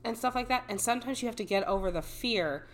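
A woman's voice: fairly high pitch, quick pace. Laughing, foul-mouthed woman telling stories. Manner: laughs often, swears casually, animated storytelling. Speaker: podcast co-host. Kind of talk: casual chat. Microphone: studio microphone.

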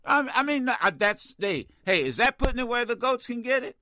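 A man's voice: very high voice, lively intonation, normal speed, sharp tone, no echo. An older man hosting a call-in radio talk show, blunt, fiery and profane with callers. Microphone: studio microphone.

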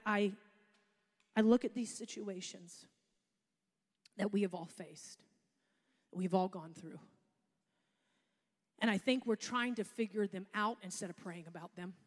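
A woman's voice: medium pitch, big-room sound. A woman pastor, preaching a sermon in a chatty storytelling way with asides.

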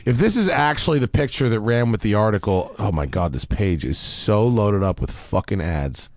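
A man's voice: on the low side, moderate pace, dry recording, clean studio sound. A man hosting a podcast in casual chat, joking and swearing freely. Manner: profane, animated and joking. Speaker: podcast host.

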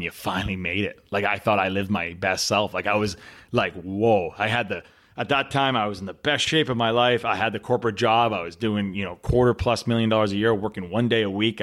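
A man in an interview, telling his story earnestly with dramatic pauses and repeated words. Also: on the low side, a bit bright. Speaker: podcast guest.

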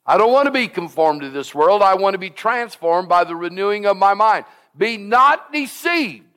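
A pastor preaching a sermon to his congregation in a church, swinging from hushed to loud and repeating phrases for emphasis. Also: high-pitched, a little fast, smooth. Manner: impassioned preaching with sudden swings from soft to loud. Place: church sanctuary.

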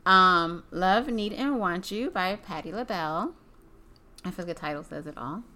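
A woman's voice: fairly low pitch, expressive, normal speed, bright, forceful tone, a little hiss or hum. A woman co-hosting a casual music chat, playful and laughing, often acting out song lyrics in voices. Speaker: co-host.

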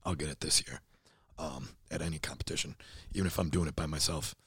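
A man in his thirties with a hoarse, worn-out voice, talking in a casual, earnest and emotional way and swearing freely. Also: rumbling low, fairly even intonation, quick pace, fairly bright tone, no echo, clean studio sound. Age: 30s. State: hoarse, voice nearly gone. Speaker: podcast co-host, CrossFit athlete. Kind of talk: casual chat.

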